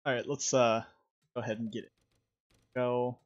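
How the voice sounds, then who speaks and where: A man's voice: medium pitch, little pitch movement, normal speed, dull audio. A man hosting a casual live stream through a headset, rambling and laughing often. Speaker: stream host.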